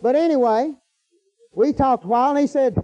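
A man's voice: very high voice, brisk, mellow, highs cut off, soft background music. A middle-aged man preaching a storytelling sermon in a folksy, colloquial way, breaking into hallelujahs.

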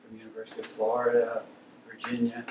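A man's voice: lowish voice, completely flat delivery, fast, recorded from a distance, highs cut off, very noisy. An older man giving a guest lecture, telling blunt, opinionated stories from his career to an audience. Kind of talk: lecture with anecdotes. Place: lecture hall. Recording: echoey hall, speaker off-mic.

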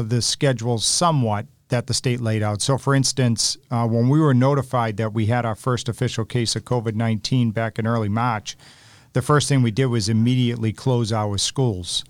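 A man explains things at a measured pace, steady and upbeat. His voice sits at an ordinary pitch for a man. The recording is dry and close, with almost no room sound. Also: no room sound. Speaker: city official. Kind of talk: casual interview answers.

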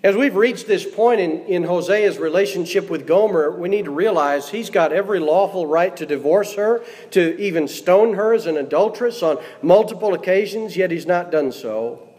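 A man's voice: high voice, animated, moderate pace, few pauses, a little mellow. A man preaching a sermon in a church, reading scripture aloud and putting questions to the congregation. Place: church sanctuary. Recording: long hall reverb.

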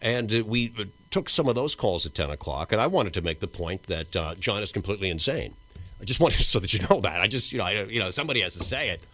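A man's voice: lowish voice, animated, fast talker, pushed and bright, no room sound. A man hosting a talk radio call-in show, joking and needling his callers.

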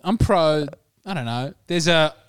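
A man's voice: fairly high pitch, unhurried, clear, resonant tone, no echo. A man in his thirties, a comedian chatting casually on a podcast, joking and laughing often.

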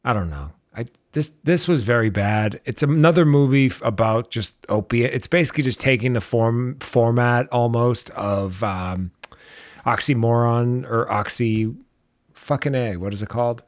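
A man's voice: medium pitch, normal speed, no echo, clean studio sound. A man co-hosting a podcast, giving blunt, sarcastic opinions on movies in casual chat. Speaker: podcast co-host.

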